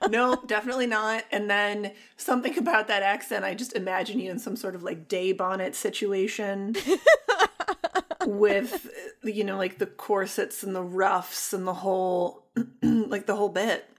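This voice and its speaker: A woman's voice: mid-range voice, fairly even intonation, unhurried. A woman co-hosting a casual podcast, a therapist talking in a dry, wry, talkative way.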